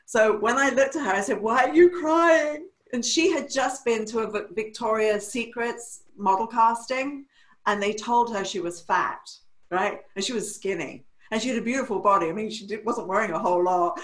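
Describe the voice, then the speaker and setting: An older woman from England, a hairdresser telling stories in an interview, animated and acting out the voices of people she quotes. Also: medium pitch, moderate pace, roomy sound, poor audio. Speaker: hairdresser and educator. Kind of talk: storytelling in a podcast interview.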